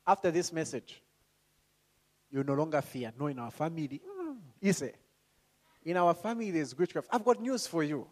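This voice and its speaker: A man's voice, a little high, carries a sermon that moves from calm, slow speech up to loud calls. He questions the congregation and performs different voices.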